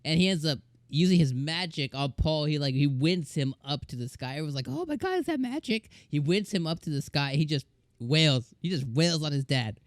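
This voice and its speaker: A man reviewing an anime episode in casual chat, excitable and gushing, often repeating words and restarting his sentences. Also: a little high, moderate pace, no echo, clean studio sound.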